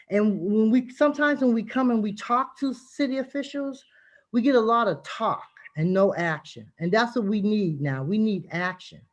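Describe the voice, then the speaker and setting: A woman's voice: a little high, a little mellow. Impassioned woman testifying. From Boston, Massachusetts. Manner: impassioned, emphatic and repetitive. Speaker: community activist. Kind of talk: public testimony at a city hearing. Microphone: video call.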